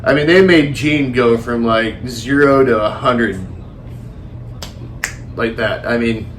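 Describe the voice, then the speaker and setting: A man co-hosting a casual movie review chat, talking in a rambling, animated way with some swearing. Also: mid-range voice, takes it slowly, a little hiss or hum. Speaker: podcast co-host.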